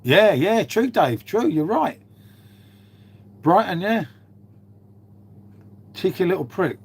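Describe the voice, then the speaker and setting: A man, chatting casually on a live stream. His voice sits a little high for a man. He swears freely and trades banter as he reads and answers viewers' messages. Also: sing-song, slow pace, slightly rough. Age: 50s.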